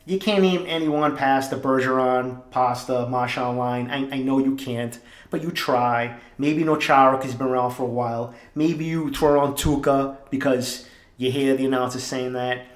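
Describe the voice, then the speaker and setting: A young man, hosting a podcast and telling stories in an animated, profane, jokey way. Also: medium pitch, normal speed, echoey room. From Boston area. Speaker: podcast host. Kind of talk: casual storytelling monologue.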